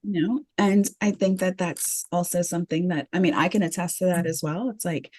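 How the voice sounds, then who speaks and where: A woman's voice: lowish voice, fairly even intonation, fairly quick, a little mellow, no room sound. Upbeat woman host, dry close sound. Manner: encouraging, upbeat, filler-heavy. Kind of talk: casual conversation.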